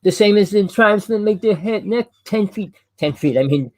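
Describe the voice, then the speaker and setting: A man from New Jersey with a New Jersey accent, hosting a casual chat, talking loud and fast and rambling with restarts. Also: high-pitched, lively intonation, dry recording. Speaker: host.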